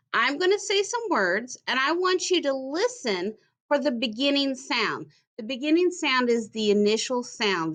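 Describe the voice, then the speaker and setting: A woman teacher leads young children through a phonics lesson. Her voice sits fairly high, and she talks at an unhurried, deliberate pace. She says each example word clearly and then repeats it. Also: a bit bright. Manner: slow, careful, encouraging, repeats words clearly.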